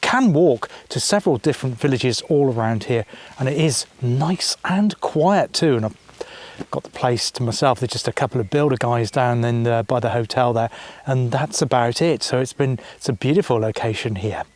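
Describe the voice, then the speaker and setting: A man's voice: medium pitch, moderate pace, a little mellow, no room sound. A man narrating a casual travel vlog outdoors by a lake, chatty and rambling, often correcting himself mid-sentence. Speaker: travel vlogger.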